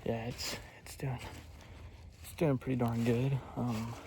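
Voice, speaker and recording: A young man rambling in a laid-back way, often keeping his voice low, in a casual outdoor hunting vlog. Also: flat delivery, a little slow. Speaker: hunting vlogger. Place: outdoors in woods by a food plot. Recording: outdoor noise behind. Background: outdoor noise.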